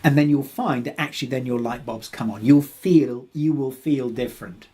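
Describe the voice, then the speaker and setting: A husky man hosts a live webinar and works through audience questions. He talks in a halting way, full of restarts and fillers. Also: medium pitch, dark tone. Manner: hesitant, many restarts and fillers, reads out questions. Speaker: webinar presenter.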